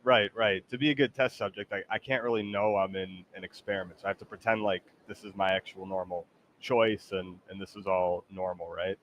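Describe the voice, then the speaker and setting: A man's voice: low voice, steady tone, fairly quick, highs cut off, slight background noise. A man streaming a game, talking in a laid-back, hesitant, joking way to his AI sidekick. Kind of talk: casual gaming stream chat.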